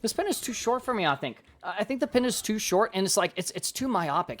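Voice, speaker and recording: A man giving casual live-stream coaching commentary on gameplay, excitable and rambling as he thinks aloud. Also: high voice, quick pace, few pauses. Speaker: game coach reviewing gameplay.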